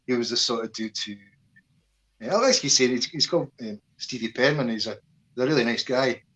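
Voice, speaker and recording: Scottish male veteran guest, animated storyteller, salty language, natural mid pitch. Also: brisk, low-quality recording. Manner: animated storyteller, swears freely, acts out voices. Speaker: interview guest, army veteran. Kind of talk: casual interview conversation.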